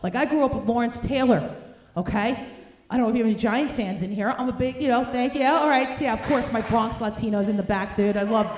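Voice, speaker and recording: A woman's voice: a little high, brisk, darkish tone. A woman, doing a brash, profane, ranting stand-up set while hungover. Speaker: stand-up comedian. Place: comedy club stage. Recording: roomy club sound, faint noise.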